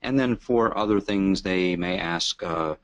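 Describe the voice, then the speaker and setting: Brief: deep-voiced male panelist, halting delivery full of fillers, dry close sound. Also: no echo, highs cut off. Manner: hesitant, many fillers and restarts. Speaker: guest panelist. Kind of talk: webinar discussion.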